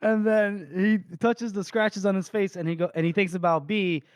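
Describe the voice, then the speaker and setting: A man's voice: high-pitched, fairly even intonation, normal speed, clean tone, no room sound, studio quality. A man co-hosting a podcast, casually retelling a book chapter with laughs, swearing and acted-out quotes. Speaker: podcast co-host.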